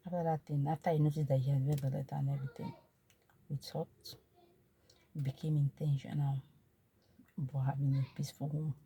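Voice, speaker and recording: A woman in her thirties with a Nigerian accent, a vlogger, shares a personal testimony. Her voice rumbles low and sounds gravelly and slightly rough, moving fairly quickly but broken by long pauses. She is emotional and repetitive, swinging from animated to hushed.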